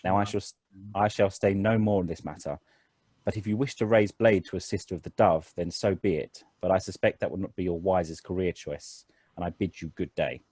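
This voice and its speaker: A weary priestess in a tabletop game, with a man doing her voice, soft chilean accent, speaking low and measured in a dry, close voice. she scolds without raising her voice. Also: steady tone, slightly rough, dry recording. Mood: cool rebuke. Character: calm stern priestess woman, tired, soft-spoken.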